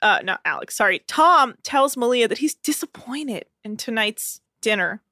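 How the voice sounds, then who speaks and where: A woman's voice: on the high side, lively intonation, moderate pace, sharp tone, no room sound, clean studio sound. A woman co-hosting a podcast, chatting animatedly and acting out what people said. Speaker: podcast co-host. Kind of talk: casual chat recapping a reality show.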